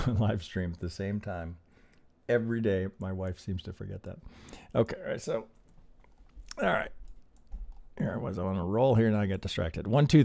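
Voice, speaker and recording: A man's voice: on the low side, vocal fry, dark tone, dry recording. A man teaching on a live stream as he reviews trading charts, thinking aloud and checking in with a constant "right?". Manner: peppers talk with rhetorical questions and "right?".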